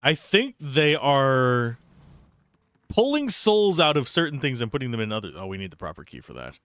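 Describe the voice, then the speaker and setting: A man streaming a game from home, talking casually with a lively, bouncing pitch. He reads on-screen text aloud between remarks. The sound is close and dry, straight into a desk mic. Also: normal speed, clear, resonant tone, no room sound. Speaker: let's play streamer. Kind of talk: casual gameplay commentary.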